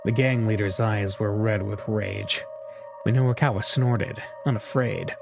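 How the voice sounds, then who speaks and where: A man reading a story game's text aloud in an even narrating voice. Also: lowish voice, measured pace, vocal fry, over music. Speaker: let's-play narrator.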